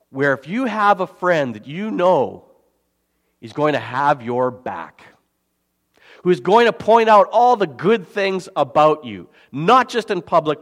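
A man preaching a sermon as pastor, swinging between loud emphasis and quiet, soft asides. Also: on the high side. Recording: long hall reverb.

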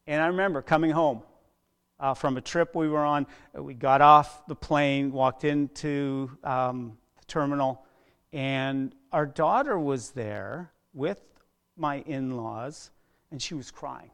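A middle-aged man preaching a sermon as a pastor, earnest, dropping to a hush and then rising loud, often repeating words. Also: medium pitch, takes it slowly. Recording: long hall reverb.

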